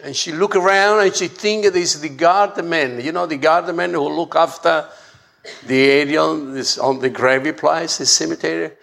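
A man preaching a sermon, halting and often repeating words as he restarts his phrases. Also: fairly high pitch, creaky, fairly bright tone.

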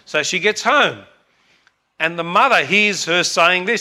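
A man's voice: high-pitched, lively intonation, measured pace, sharp tone. A man, preaching and telling a story in an earnest, emphatic way, repeating points for emphasis. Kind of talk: sermon storytelling.

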